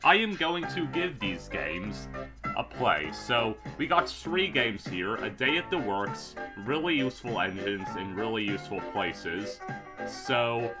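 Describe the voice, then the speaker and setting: A YouTube reviewer with a lowish, expressive voice speaks a little slowly over background music. He plays and reviews a children's DVD game in casual commentary, heavy on sarcasm, mock puzzlement, and filler words.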